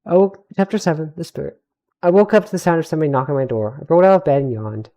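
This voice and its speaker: A man's voice: on the high side, very fast, mellow, highs cut off. A young man reading his own fantasy story aloud on a live stream, stumbling over words and correcting himself as he goes. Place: home streaming setup.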